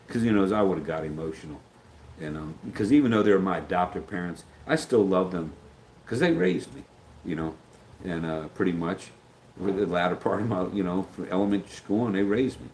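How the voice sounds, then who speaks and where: A middle-aged man with a very low voice, talking loosely on a livestream and answering viewer comments. He wanders off track, backs up, and acts out the people he quotes. A faint hum of noise sits behind him. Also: brisk, darkish tone, poor audio. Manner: rambling, loses his train of thought, acts out quoted voices. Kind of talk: casual livestream chat.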